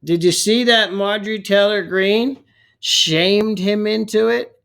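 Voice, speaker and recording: High-voiced ranting male commentator. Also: steady tone, unhurried, creaky, a bit bright, clean tone. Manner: heated, ranting, stumbling repetitions. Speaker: political commentator. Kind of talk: angry political commentary vlog.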